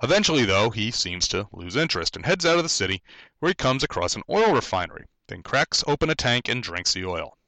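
A man's voice: medium pitch, big pitch swings, a little fast, bright, forceful tone, no room sound. A man hosting a podcast, casually recapping and reviewing an old giant monster film, chatty and digressive with frequent fillers and restarts. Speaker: podcast host.

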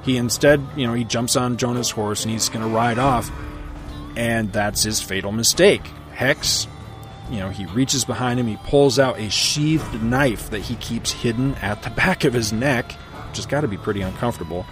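A middle-aged man casually recapping a western comic book, telling it as a relaxed story with his own asides. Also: medium pitch, moderate pace, over music.

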